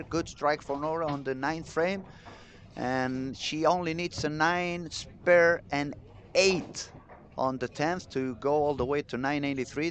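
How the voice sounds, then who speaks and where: A man commentating live on a bowling tournament, excitable and chatty, talking straight to the viewers in the chat. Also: medium pitch, slight background noise.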